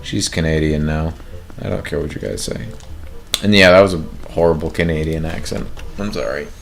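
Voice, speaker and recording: Low-voiced man doing gameplay commentary. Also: moderate pace, vocal fry, faint music behind. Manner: casual, self-deprecating, confused. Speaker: let's play host.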